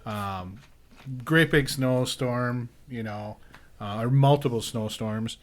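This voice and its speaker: A man's voice: mid-range voice, slow pace. Easygoing man with a rambling story. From Wisconsin. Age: adult with kids. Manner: relaxed, rambling with many "um"s and "you know"s. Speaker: podcast co-host. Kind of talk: casual storytelling among friends.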